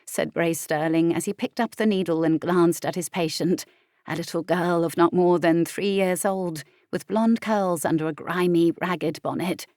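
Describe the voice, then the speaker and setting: A woman tells the story with expressive, lively delivery. Her voice sits somewhat low for a woman. The recording is dry and close, with no room echo. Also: normal speed. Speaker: audiobook narrator. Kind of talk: scripted audiobook narration.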